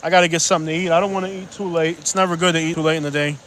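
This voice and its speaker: A man's voice: fairly high pitch, fairly even intonation, rapid-fire, fairly bright tone, a little hiss or hum. A man live-streaming outdoors on a beach at sunset, rambling and joking in casual chat and reading out viewer comments.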